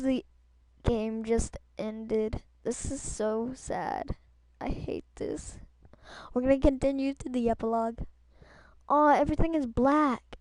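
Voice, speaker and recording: Young woman gamer, emotional, pleading, slightly high voice, slow pace, game music behind. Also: a little mellow, no echo. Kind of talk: let's play commentary.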